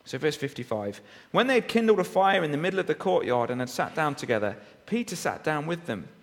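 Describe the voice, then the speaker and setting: A man's voice: fairly high pitch, sing-song, fairly quick. A man preaching a sermon, reading and expounding scripture with frequent rhetorical tag questions. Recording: long reverb of a hall.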